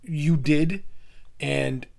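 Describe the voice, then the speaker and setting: A man's voice: on the high side, extremely slow, vocal fry, darkish tone. A man co-hosting a podcast in casual chat, backing up his partner with short agreements and joking along. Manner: supportive, backchannels a lot, jokes along. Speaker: podcast co-host.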